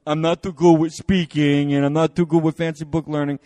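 A man's voice: a little high, little pitch movement, fairly quick, warm tone, lightly acted. A wily old philosopher playing down his own cleverness, as a male lecturer voices him. He speaks in a folksy, hesitant way. A faint, long hall reverb trails behind a dry, close voice. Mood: mock-humble. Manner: folksy, mock-humble, hesitant.

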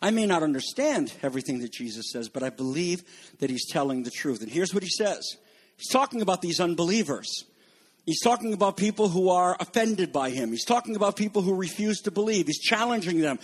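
A man's voice: high voice, sing-song, moderate pace, slightly rough. A man preaching a sermon as pastor, emphatic and building to fervent peaks, calling his listeners folks. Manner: addresses congregation as folks.

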